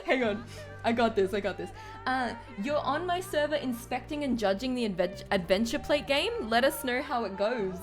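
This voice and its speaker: This streamer's voice is slightly high and animated, moving at a normal speed. Tipsy as she plays, she curses, mumbles to herself and her chat, and sometimes shrieks in panic, with game music clearly playing under her.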